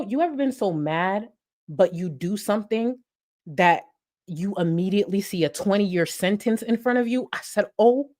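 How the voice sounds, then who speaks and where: With a mid-range voice, a young woman running a commentary channel relates a swear-filled, animated tale in relaxed conversation that shifts between loud and quiet moments.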